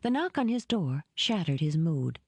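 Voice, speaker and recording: Woman, audiobook narrator, low voice, measured, dry recording. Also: sing-song, husky, no echo. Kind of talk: scripted narration.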